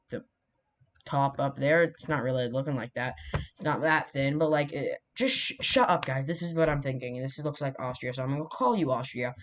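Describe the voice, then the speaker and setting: Young male vlogger, mid-pitched, chatty and self-correcting voice-over. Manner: rambling, self-correcting, jokey asides. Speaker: mapping video creator. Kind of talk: casual commentary while drawing a map.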